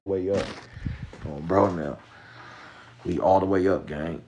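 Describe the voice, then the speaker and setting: A man's voice: low voice, steady tone, slow pace, pauses often, darkish tone. Profane, emphatic man ranting on a stream. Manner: profane, street slang, emphatic. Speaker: livestream host. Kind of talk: casual live-stream rant.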